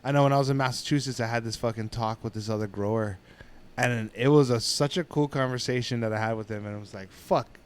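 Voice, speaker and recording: A man's voice: medium pitch, fast, smooth. A man from Hawaii hosting a podcast, talking in a laid-back, profane, casual way. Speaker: podcast host.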